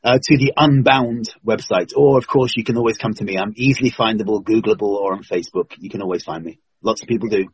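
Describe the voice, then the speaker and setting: A man who is a guest in a conversational interview, briskly prompting the others' memories. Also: fairly low pitch, husky, rough recording. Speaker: guest and memoir author.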